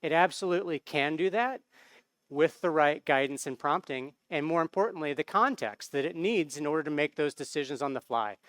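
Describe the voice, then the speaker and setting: A man's voice: fairly high pitch, animated, a little fast, fairly bright tone, dry recording. An American man giving a conference talk on stage into a microphone, in a casual, conversational way with frequent tag questions. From United States. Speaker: conference speaker.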